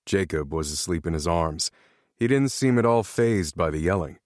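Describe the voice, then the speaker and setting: A man narrating a first-person romance audiobook with expressive storytelling on a close microphone. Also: deep voice, moderate pace, dry recording.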